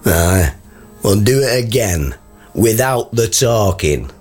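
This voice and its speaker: An actor playing a dry-witted, gruff father in a radio comedy. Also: lowish voice, big pitch swings, slow, darkish tone, faint music behind, full character voice. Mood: exasperated. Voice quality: dry sarcastic wit. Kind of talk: radio comedy drama acting.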